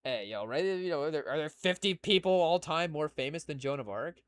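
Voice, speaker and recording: A man hosting a podcast, rambling loosely with lots of "you know" and "again" and frequent restarts as he talks to his chat. His voice sits a little above the usual male pitch. It is recorded close and dry. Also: lively intonation, brisk, dry recording. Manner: rambling, many fillers and restarts; talks to a live chat audience. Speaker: podcast host. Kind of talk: casual solo chat.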